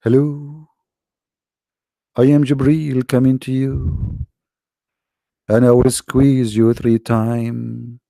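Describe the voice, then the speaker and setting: A man voicing a mock angel figure who speaks slowly and ominously. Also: mid-range voice, little pitch movement, creaky, mellow, dry recording, clean studio sound.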